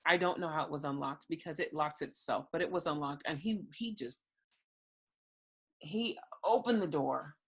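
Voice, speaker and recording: A woman's voice: deep voice, fairly bright tone. A young adult woman giving an earnest personal testimony as a guest, retelling her own prayers and thoughts.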